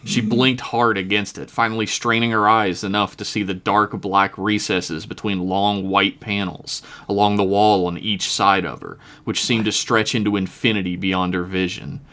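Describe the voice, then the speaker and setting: A man's voice: on the low side, steady tone, moderate pace, few pauses, bright, forceful tone. A man reading his own story aloud on a podcast, chuckling now and then at his own jokes.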